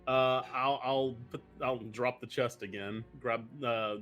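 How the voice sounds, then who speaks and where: A young man playing in a tabletop game, speaking in halting, stammering restarts. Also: mid-range voice, steady tone, a bit bright, soft background music. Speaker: player. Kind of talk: casual tabletop play.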